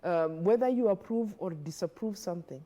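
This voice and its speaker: A woman speaks as a guest expert in a television studio interview. Her voice sits a little low and sounds mellow and warm. She explains in an earnest, advisory way and often repeats words as she goes. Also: a little fast. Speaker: guest expert on parenting and substance use.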